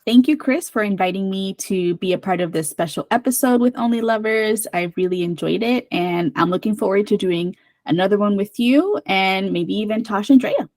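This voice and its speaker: A woman's voice: mid-range voice, normal speed, hardly any pauses, a little mellow, no room sound. A woman guesting on a book club podcast, bubbly and hesitant, with many fillers. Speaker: guest co-host. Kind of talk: casual book club chat.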